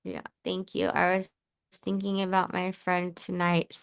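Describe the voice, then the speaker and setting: A woman's voice: lowish voice, completely flat delivery, a little slow, vocal fry, clean tone. A woman hosting a live podcast, chatting casually in a rambling, emotional, giggly way. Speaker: podcast host.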